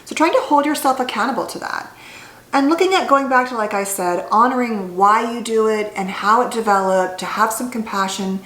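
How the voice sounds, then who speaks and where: A woman's voice: on the high side, fairly quick, fairly bright tone. Woman psychologist in an echoey room. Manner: conversational, with fillers and restarts. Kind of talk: talking to camera about healing.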